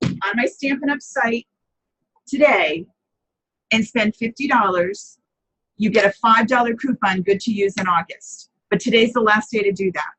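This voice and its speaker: A woman's voice: medium pitch, fairly bright tone, breathy edge, rough recording. A woman hosting a live papercrafting chat, talking casually, answering viewers by name and often correcting herself as she goes.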